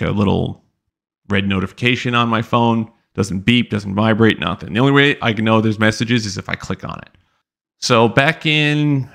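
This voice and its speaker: A man's voice: on the low side, vocal fry, a bit bright. A young man hosting a podcast, casually telling a long story in a rambling, profane, exasperated way. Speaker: podcast host.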